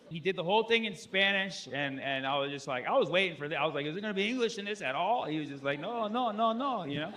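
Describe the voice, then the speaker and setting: A man performing a stand-up set, rambling loosely and acting out other people with loud shouted bursts. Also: on the high side. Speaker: stand-up comedian. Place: comedy stage.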